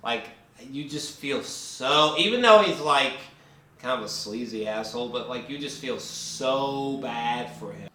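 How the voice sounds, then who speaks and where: A man's voice: mid-range voice, expressive, measured pace, sharp tone, reverberant. A man giving a casual, profane movie reaction review, laughing often as he rants.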